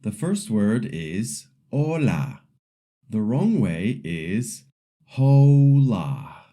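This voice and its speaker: Slow, lively-pitched male language teacher. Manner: slow, deliberate model pronunciations for repeating. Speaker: Spanish pronunciation teacher. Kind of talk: scripted language lesson.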